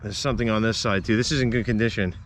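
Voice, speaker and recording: A man's voice: fairly low pitch, steady tone, rapid-fire, a little hiss or hum. A man chatting casually outdoors with a friend while they look over a find. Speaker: detecting companion. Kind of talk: casual chat. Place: outdoors on a field.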